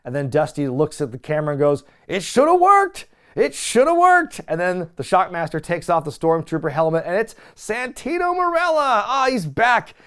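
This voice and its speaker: A man hosting a casual wrestling recap, talking in an animated, chatty way with lots of filler words. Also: on the high side, fairly quick, few pauses, smooth. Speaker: wrestling recap podcast host.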